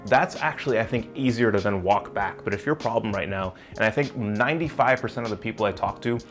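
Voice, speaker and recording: A man's voice: on the low side, fast talker, faint music behind. A young man giving blunt, emphatic advice in a casual vlog, talking straight to the viewer and swearing now and then. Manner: talks directly to the viewer in a coaching way. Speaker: self-improvement vlogger.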